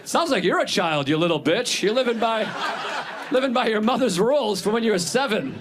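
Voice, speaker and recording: A man's voice: high voice, lively intonation, fairly quick, a crowd in the background, noisy background. A man in his thirties doing a wry, conversational stand-up set, acting out his own lines. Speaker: stand-up comedian. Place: comedy club stage. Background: audience laughing.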